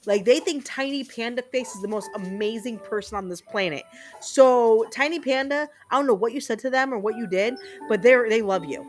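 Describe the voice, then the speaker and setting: Chatting with her viewers, a thirtysomething woman game streamer speaks a little high and fairly quickly over soft background music. Her stories are blunt and chatty, full of fillers and occasional cursing.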